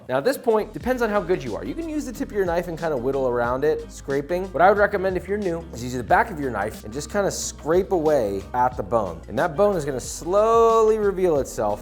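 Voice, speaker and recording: A man walks viewers through a recipe as a cooking-video host. His pitch swings widely from phrase to phrase, animated and expressive. He sounds confident and opinionated, with playful asides. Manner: playful, jokey asides while instructing. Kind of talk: recipe tutorial talk.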